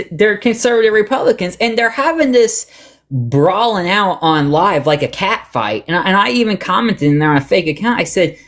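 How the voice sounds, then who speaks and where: A man hosting a casual livestream, rambling through gossip and getting animated as he retells online drama. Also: fairly high pitch. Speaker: livestream host.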